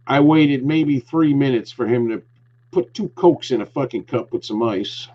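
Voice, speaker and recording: A man's voice: medium pitch, moderate pace. A man hosting a talk show, telling an angry story with lots of swearing and heat. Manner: profane, heated ranting storyteller. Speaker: podcast host. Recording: dull lo-fi recording.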